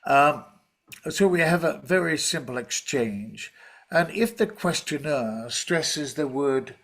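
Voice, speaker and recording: A man presenting a teaching workshop over a video call, talking in a relaxed, chatty way with many fillers and restarts. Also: on the high side, slow pace. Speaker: teacher trainer presenting a webinar.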